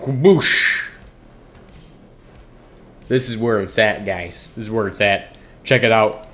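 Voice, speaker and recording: A man streaming a game talks casually and directly to his chat in a lowish, fairly bright voice with fairly even intonation and a moderate pace. He rambles and cuts himself off mid-sentence, with soft music in the background.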